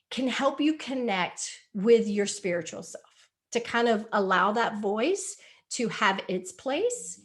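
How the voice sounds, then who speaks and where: Woman teaching wellness over a video call, earnest, keeps repeating herself to drive it home. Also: medium pitch. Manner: earnest, repetitive, coaxing. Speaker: wellness presenter. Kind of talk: live online presentation.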